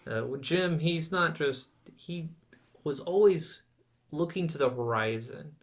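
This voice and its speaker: A man's voice: on the high side, expressive, slow pace. Man, podcast co-host, casual chat, easygoing and joking. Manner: easygoing, joking, loose phrasing with many likes.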